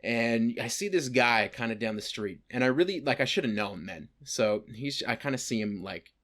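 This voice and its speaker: A man's voice: medium pitch, lively intonation, normal speed, fairly bright tone. Casual young man telling a story. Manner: rambling with lots of "like" and swearing. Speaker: podcast co-host.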